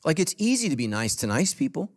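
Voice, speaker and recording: Very animated and quick-paced, a male pastor preaches to the congregation in his church. He hits some lines loudly and punchily, then drops into soft, low asides, always emphatic.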